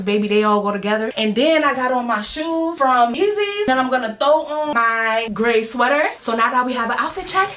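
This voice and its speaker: Chatty young woman vlogging in a noisy store. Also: sits high. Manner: chatty, slangy, talks straight to viewers. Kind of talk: casual vlog chat to camera. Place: busy store, indoors. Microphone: handheld camera. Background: store crowd noise.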